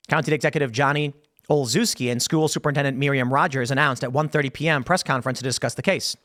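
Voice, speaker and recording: A show host with a medium-pitched, slightly bright voice offers casual, opinionated commentary, leaning heavily on rhetorical questions.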